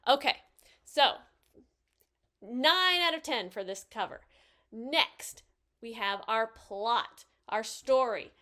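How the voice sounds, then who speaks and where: Cheerful higher-voiced woman reviewing books. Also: animated, slow pace, pauses often. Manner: cheerful, gently enthusiastic, giving scores out of ten. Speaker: picture book reviewer, channel host. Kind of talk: casual spoken book review.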